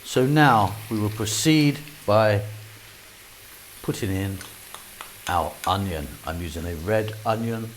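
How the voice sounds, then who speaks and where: Very deep-voiced London man teaching a recipe. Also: slow pace, long pauses, a little hiss or hum. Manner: calm, step-by-step instructions. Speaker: cooking channel host. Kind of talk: recipe demonstration.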